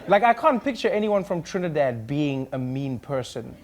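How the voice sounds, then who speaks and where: Speaking at a moderate pace with few pauses, a talk show host with a slightly high voice does improvised crowd work. He jokes with audience members, puts on mock accents and laughs a lot, all in a studio whose live audience is noisy.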